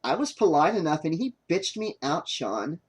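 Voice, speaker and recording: A man's voice: on the high side, very animated, moderate pace, slightly rough. A man reading an audiobook, voicing an irritable young woman making a documentary, curt and exasperated. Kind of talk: audiobook character voice.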